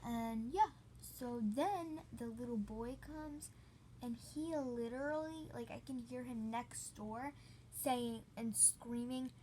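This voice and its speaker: A woman with a fairly high, mellow voice speaks slowly, with a little hiss or hum behind her. She hosts a storytime channel and tells her story in a rambling, casual way, saying "like" a lot.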